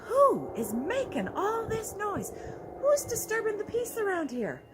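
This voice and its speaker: Stern police officers from a children's story, as a woman puts them on. Their voice is pitched up, bossy and scolding, and it swings widely. There is a hiss behind it. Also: wildly swooping pitch, measured pace, exaggerated voice. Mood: indignant. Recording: background hiss.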